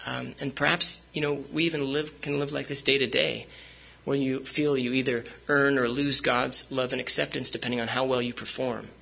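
A man's voice: medium pitch, level tone, moderate pace, creaky, few pauses, pushed and bright, poor audio. A man preaching a sermon as pastor, speaking conversationally with frequent fillers and restarts.

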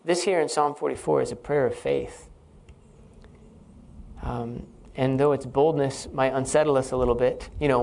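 A man's voice: mid-range voice, steady tone, moderate pace, creaky, darkish tone. A man teaching a sermon on a psalm, earnest and reflective, explaining the text. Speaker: Bible teacher.

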